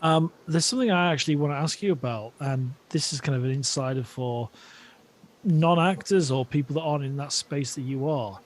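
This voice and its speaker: A man hosting a podcast in casual chat over a video call, speaking calmly and in an understated way. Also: fairly high pitch, a little fast. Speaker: podcast host.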